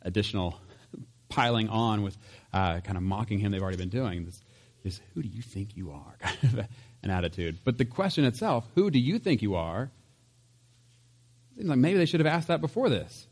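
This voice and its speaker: A man's voice: on the low side, sing-song, moderate pace, darkish tone. A man preaching a casual, conversational sermon, chatty with laughs and asides. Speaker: pastor.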